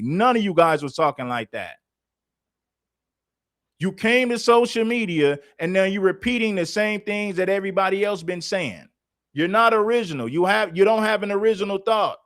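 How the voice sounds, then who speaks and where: A man's voice: high voice, expressive, normal speed, a bit bright, dry recording, studio quality. A man hosting a livestream, arguing in a confrontational, repetitive way. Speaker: livestream host. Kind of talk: heated livestream commentary.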